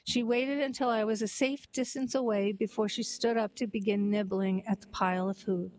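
A woman narrating a heartwarming story and then reading a poem aloud in a gentle, even storytelling manner. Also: medium pitch, normal speed, no room sound, rough recording.

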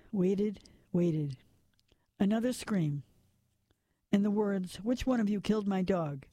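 A man reading a dark crime story as a measured narrator, sometimes dropping to a whisper at tense moments. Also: sits high, no room sound. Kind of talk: scripted noir narration.

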